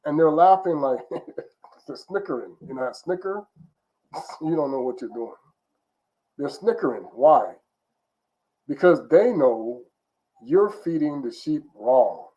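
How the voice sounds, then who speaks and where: A man's voice: fairly high pitch, animated, unhurried, pauses often, dark tone, highs cut off. A man giving an informal religious teaching in an emphatic, repetitive, conversational way. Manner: emphatic, repetitive, conversational, often restarts phrases. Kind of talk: informal preaching monologue.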